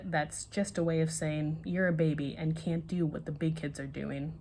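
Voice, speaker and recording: A woman reading a children's bedtime story aloud in an expressive, lively way. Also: low voice, slight background noise.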